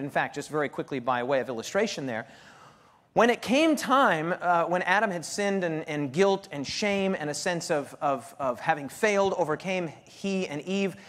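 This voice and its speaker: A man preaching a sermon to a live audience, emphatic and animated, repeating phrases to drive points home. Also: high-pitched. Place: stage with lighting before an audience. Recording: hall reverb.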